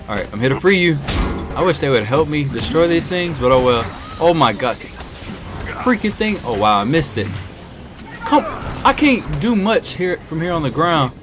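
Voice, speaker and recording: Excitable man reacting to gameplay over music. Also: medium pitch. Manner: excitable, trash-talking, reacting loudly to the action. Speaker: gaming YouTuber. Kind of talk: live gameplay commentary. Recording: game music playing behind.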